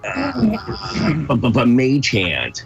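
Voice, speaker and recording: A man's voice: medium pitch, wildly swooping pitch, takes it slowly, highs cut off, music in the background. A man playing a tabletop game, amused and stammering. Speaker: player.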